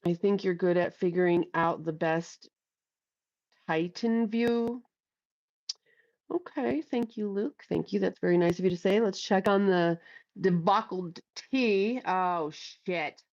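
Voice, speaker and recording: A woman's voice: lowish voice, takes it slowly, a little mellow, dull audio. A middle-aged woman hosting a casual livestream on a headset, chatting bluntly with plenty of swearing and reading out viewers' comments. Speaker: livestream host. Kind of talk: casual live chat. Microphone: headphones with mic.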